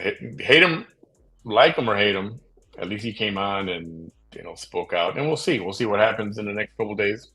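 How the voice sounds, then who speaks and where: A man hosting a late-night talk show, chatting casually in a rambling way with many fillers and pauses. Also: fairly low pitch, a bit bright, husky, low-quality recording. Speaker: podcast host.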